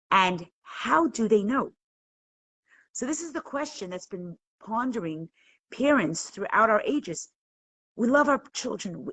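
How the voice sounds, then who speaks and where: A woman's voice: mid-range voice, fairly bright tone, slightly rough, low-quality recording. A woman teaching a live online class, earnestly asking questions and inviting viewers to answer. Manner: earnest, questioning, engages the audience. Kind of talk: live-streamed talk to viewers.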